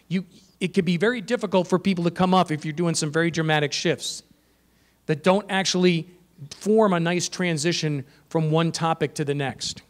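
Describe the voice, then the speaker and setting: A man giving a conference presentation to teachers, energetic and emphatic, shifting his pace for effect. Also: sits high. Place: conference room.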